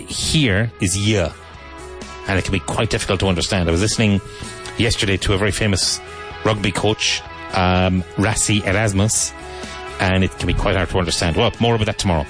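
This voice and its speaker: A man hosting a radio English lesson, repeating example sentences slowly and clearly before explaining them. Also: low-pitched, a bit bright. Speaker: English teacher and radio host.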